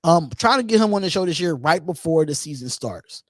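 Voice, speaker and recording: Animated high-voiced show host from Philadelphia. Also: male voice, a little fast, no echo, clean studio sound. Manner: animated, repeats himself, reads and answers chat questions. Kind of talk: live call-in show chat.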